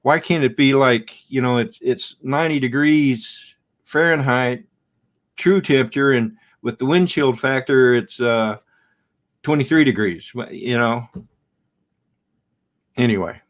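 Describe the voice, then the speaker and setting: A middle-aged man hosting a casual live stream from home, rambling and chatting back to viewer comments in front of his camera. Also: mid-range voice. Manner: slow, rambling, reads out and answers viewer comments. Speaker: livestream host.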